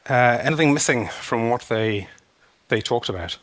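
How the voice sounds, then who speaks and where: A man's voice: mid-range voice, animated, moderate pace, a bit bright. A man speaking at a developer conference, explaining at length and hesitantly, with many fillers and restarts. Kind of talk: conference talk. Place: conference stage.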